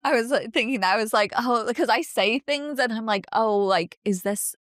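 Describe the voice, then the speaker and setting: A woman's voice: fairly high pitch, normal speed, no room sound, studio quality. Woman with a mixed New York-Irish-London accent. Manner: chatty, laughs often. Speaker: podcast co-host. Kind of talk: casual chat.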